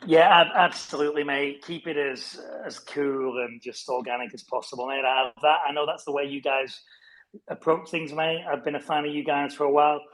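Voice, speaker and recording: A man from Wigan with a northern English accent chats as a guest in a relaxed online interview. He is chummy and talkative and keeps calling the host "mate" and "buddy". His voice sits a little high. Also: fairly quick, low-quality recording. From Wigan, Greater Manchester, England. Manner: chummy, says mate and buddy a lot, chatty. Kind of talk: casual online interview chat.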